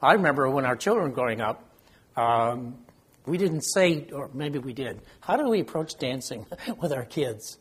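Older guy with a kinda husky voice running a bible study, chatty, keeps quizzing folks. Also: mid-range voice, lively intonation, moderate pace. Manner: conversational, asks the group questions, self-deprecating. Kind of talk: informal Bible study teaching.

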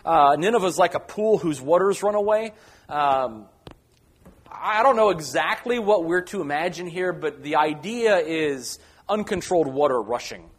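Man teaching a Bible study, halting. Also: on the high side, expressive. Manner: conversational, many ums and restarts.

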